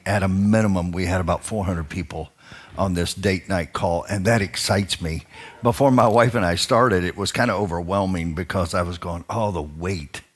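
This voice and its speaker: This is a middle-aged male pastor with a very low voice, preaching in a church. He jokes easily with the congregation, then turns earnest and encouraging as he talks about leadership. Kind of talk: sermon.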